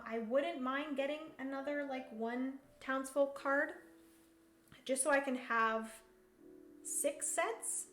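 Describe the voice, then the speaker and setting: A woman's voice: high voice, fairly bright tone, roomy sound, a little hiss or hum. A woman talking through a solo board game on a live stream, thinking aloud as she counts pieces and reads rules, and chatting playfully with viewers. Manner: greets chat viewers playfully.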